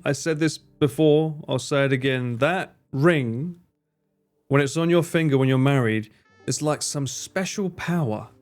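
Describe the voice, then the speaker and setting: Rambling man chatting on stream. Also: mid-range voice. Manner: rambling, joking, swears freely, quick asides. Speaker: livestreamer. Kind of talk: casual chat reading stream chat.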